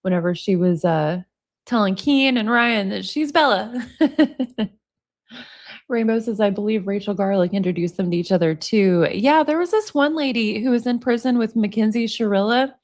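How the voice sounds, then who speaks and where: A woman's voice: medium pitch, lively intonation, moderate pace, a little mellow. A woman in her forties hosting a casual live-stream, chatting and reading viewer comments aloud with frequent laughs. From United States. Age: 40s. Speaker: livestream commentary host.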